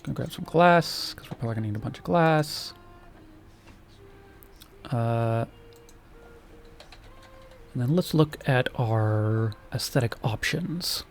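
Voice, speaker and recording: A man's voice: mid-range voice, lively intonation, slow pace, vocal fry, long pauses, faint music behind. A man streaming a game, casually thinking aloud and muttering to himself as he plays. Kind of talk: casual gameplay commentary.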